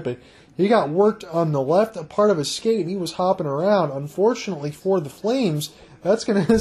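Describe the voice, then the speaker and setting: A man doing solo play-by-play hockey commentary for an online broadcast, a rapid running call that jumps up on big plays. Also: fairly high pitch, darkish tone, slightly rough.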